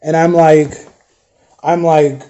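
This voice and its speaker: A man's voice: fairly high pitch, little pitch movement, takes it slowly, mellow. Tearful man telling a raw story. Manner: addresses viewers directly. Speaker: vlogger. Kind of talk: emotional storytime monologue.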